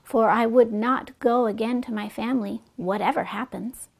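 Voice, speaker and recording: A woman voicing a sly, cunning male fox in a children's storybook fable, talking in a persuasive, sometimes hushed way. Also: a little high, fairly even intonation, moderate pace, vocal fry. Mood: plaintive.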